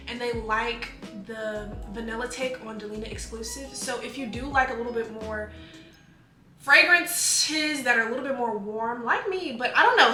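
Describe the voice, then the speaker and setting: A woman's voice: a little high, pushed and bright. A young woman reviewing her perfume collection in a casual, gushing, chatty way. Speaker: beauty vlogger. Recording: echoey room.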